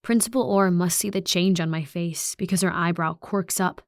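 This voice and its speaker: A woman narrating a young adult horror audiobook in the first person, with an even, reflective delivery. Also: fairly low pitch, normal speed, few pauses, no room sound, clean studio sound.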